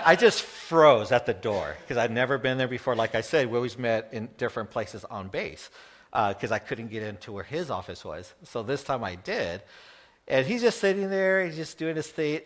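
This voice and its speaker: A middle-aged man preaching, telling a personal story in an earnest, emotional way, with laughs and pauses. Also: medium pitch, a bit bright. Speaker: pastor.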